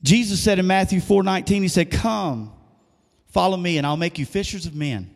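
Pastor preaching in an echoey hall. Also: male voice, high-pitched, a little fast, vocal fry. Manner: conversational preaching with call-and-response questions. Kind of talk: sermon. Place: church sanctuary.

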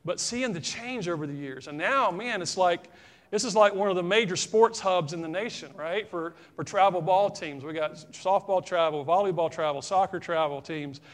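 Brief: middle-aged Southern male pastor, high voice, chatty sermon delivery. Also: moderate pace. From South Carolina, US. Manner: folksy, talks straight to the congregation.

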